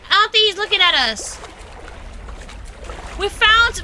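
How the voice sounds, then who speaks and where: A young adult woman streaming a game live, reacting with excited exclamations and chatting to her viewers. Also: very high voice, moderate pace, long pauses, heavy background noise. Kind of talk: live gameplay commentary.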